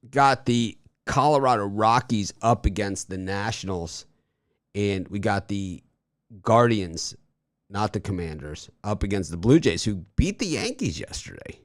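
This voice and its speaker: A man hosting a sports betting show, chatting casually and rambling through stories with animated energy. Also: on the low side, slow pace, long pauses, no echo, clean studio sound.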